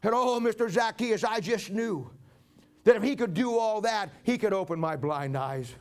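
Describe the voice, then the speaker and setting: Man voicing an old blind beggar, joyful testimony, fervent, high-pitched. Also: animated, moderate pace. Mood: eager. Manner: fervent storytelling, crying out.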